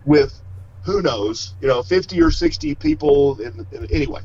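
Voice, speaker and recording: Casually interviewed, a middle-aged wrestler tells stories in a rambling manner, often correcting himself and starting sentences over. His voice sits high with wildly swooping pitch, vocal fry, a mellow quality and a breathy edge, at normal speed. The audio is slightly dull and lo-fi.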